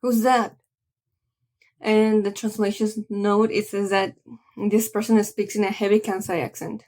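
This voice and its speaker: A woman's voice: mid-range voice, flat delivery, moderate pace, mellow. A woman reading a comic aloud and chatting about it, with frequent restarts and trailing asides. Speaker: manga reaction creator. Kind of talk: reading a comic aloud with casual reaction commentary.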